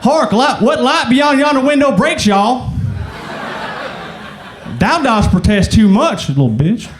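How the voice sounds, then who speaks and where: Sex: male. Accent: put-on Southern US. Figure: a man playing a hammy Shakespearean actor. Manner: pompous, declaiming, high. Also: lively intonation, takes it slowly, reverberant, a little hiss or hum, exaggerated voice. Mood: grandiose.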